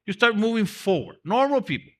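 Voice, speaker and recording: This man's voice sits high and swings widely in pitch at a slightly quick pace. As a mentoring class teacher giving a motivational seminar, he drills key phrases through emphatic repetition and speaks from having been in prison himself.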